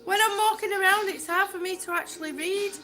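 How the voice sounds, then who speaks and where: A woman vlogger livestreams a casual chat during a walk, laughing often and rambling in the way she herself calls waffling. Her voice is very high and sharp, moving a little fast. Music runs in the background.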